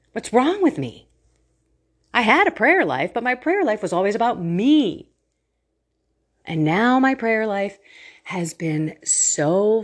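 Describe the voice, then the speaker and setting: A middle-aged woman talking into her phone at home, an earnest and emotional faith vlogger who chats warmly and laughs often. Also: mid-range voice, husky. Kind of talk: casual devotional talk to camera. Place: at home, indoors.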